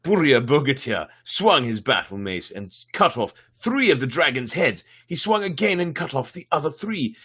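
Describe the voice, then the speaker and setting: A man's voice: medium pitch, sing-song, moderate pace, few pauses, a bit bright, slightly rough. A man reading a fairy tale aloud on a livestream, breaking in with wry, irreverent asides. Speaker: storyteller.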